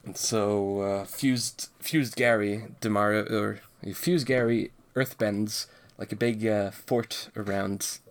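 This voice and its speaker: A man's voice: fairly low pitch, steady tone, takes it slowly, few pauses. A man co-hosting a casual podcast, recapping a comic in a laid-back, rambling way full of fillers and laughs. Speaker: podcast co-host reading a comic. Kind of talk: casual chat.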